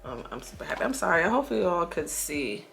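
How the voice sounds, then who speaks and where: Gravelly-voiced chatty woman in her forties. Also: lowish voice, very animated, fast, fairly bright tone, slight background noise. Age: 40s. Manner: chatty, dramatic, addresses viewers as y'all. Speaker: beauty vlogger. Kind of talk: casual chat while doing makeup.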